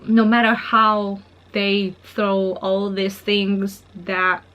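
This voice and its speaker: Soft monotone woman from Japan. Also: mid-range voice, very slow, muffled recording. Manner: monotone and soft-spoken, quiet so as not to disturb family; earnest, frequent fillers and small laughs. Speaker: political vlogger. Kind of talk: casual commentary to viewers.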